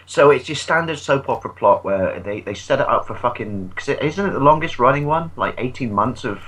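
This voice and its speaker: A man's voice: mid-range voice, expressive, a little fast, a bit bright, distant mic, low-quality recording. A man co-hosting a casual podcast chat, sardonic, full of jokey asides. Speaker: podcast co-host.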